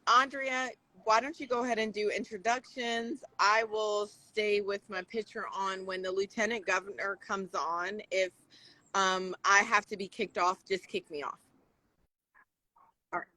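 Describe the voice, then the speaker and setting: A woman co-hosting a live stream in casual chat, upbeat and quick to laugh and joke. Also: medium pitch, fairly even intonation, bright, forceful tone, low-quality recording. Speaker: co-host and chat moderator. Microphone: video call.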